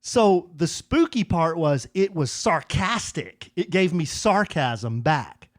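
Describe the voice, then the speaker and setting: Speaking slowly in a slightly high, animated voice, this podcast co-host tells a casual story and performs the quoted dialogue. The clean studio sound carries no room noise.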